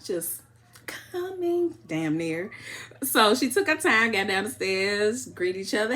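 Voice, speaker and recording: A woman from Chicago giving a casual, animated reality-show recap, acting out what people said. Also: fairly high pitch, takes it slowly. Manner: animated retelling, acting out quotes with laughs.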